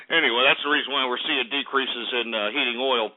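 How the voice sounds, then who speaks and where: Male talk-radio host, combative ranting market reporter, lo-fi phone-quality sound. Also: medium pitch. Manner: loud, crude, combative, swears at listeners. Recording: tinny phone-like lo-fi audio.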